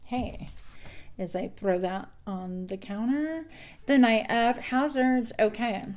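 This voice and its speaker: A woman's voice: mid-range voice, darkish tone. A woman giving a casual tarot reading, chatty and meandering, mixing spiritual affirmations with card talk. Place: indoors at a counter.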